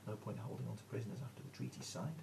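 A man voicing a thin, famished male elf prisoner, a spy trying to sound cheerful in a worn, hoarse voice. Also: fairly low pitch, racing, mellow. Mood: evasive. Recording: noisy room recording.

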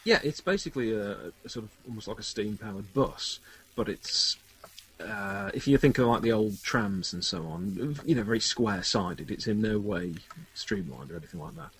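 A man's voice: lowish voice, lively intonation, moderate pace, a bit bright, slightly rough, rough recording. Guy running a tabletop game, lots of ums, rambly and self-mocking. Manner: rambling, hesitant, self-deprecating. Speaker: game master.

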